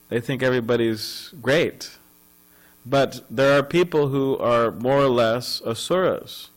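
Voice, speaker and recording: A man's voice: mid-range voice, low-quality recording. A man giving a scripture class in a temple ashram, talking in a loose, conversational way with chuckles and asides.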